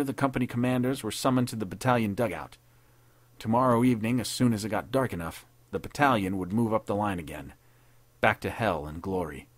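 Low-voiced man reading pulp fiction. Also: no room sound. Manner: measured, dramatic storytelling. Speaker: podcast narrator.

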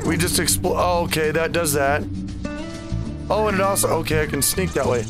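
A man's voice: a little high, normal speed. A man hosting a let's play, chatting playfully and with swearing as he talks in first person as his cat character and throws in mock meows over game music. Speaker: gaming channel host.

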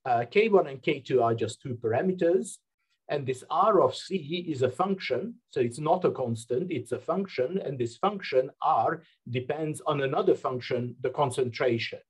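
A man's voice: medium pitch, expressive, moderate pace, breathy edge. A man giving an academic seminar lecture over a webinar, explaining step by step with frequent hesitations. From United Kingdom. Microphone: webinar computer mic.

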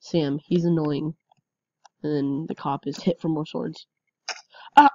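A woman giving casual game commentary, excitable, with frequent yelps and laughs. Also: low-pitched, a little slow, highs cut off. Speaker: gameplay commentator.

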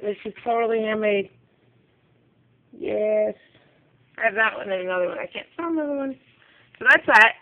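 A chatty woman rambles through her handmade crafts, stopping now and then to apologize. Her voice has a gravelly edge. It comes through a thin, tinny phone recording. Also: mid-range voice. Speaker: craft vlogger. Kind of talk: casual craft show-and-tell. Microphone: phone camera.

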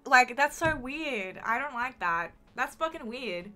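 A woman's voice: high-pitched, unhurried, few pauses, sharp tone. A young woman with a mild Australian accent, chatting casually on a live stream, swearing freely and reading chat aloud.

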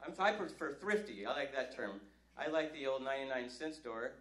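A man's voice: mid-range voice, animated, brisk, noisy background. Male stand-up from Northern California, loose and self-mocking, recorded live in an echoey club. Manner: self-deprecating, rambling with restarts. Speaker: stand-up comedian. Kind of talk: stand-up comedy set. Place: comedy club stage.

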